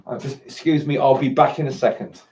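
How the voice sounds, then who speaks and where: A man's voice: mid-range voice, dark tone, slight background noise. A man chatting casually to a live stream from home, rambling and hesitant with frequent chuckles. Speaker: vlogger. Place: indoors at home. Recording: voice distant from the mic.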